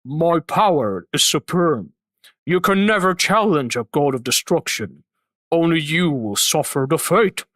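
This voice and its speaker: A man voicing an arrogant male god of destruction who boasts of his power in slow, threatening speech. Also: on the high side, expressive, a bit bright, no room sound, clean studio sound. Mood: menacing boastful.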